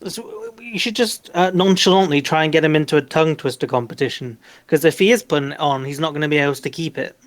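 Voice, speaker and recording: A British man with a notably high voice, trading playful jabs on a podcast. The recording is dry and close. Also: quick pace, hardly any pauses, dry recording. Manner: playful, mock-indignant. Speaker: podcast co-host. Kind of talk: casual banter.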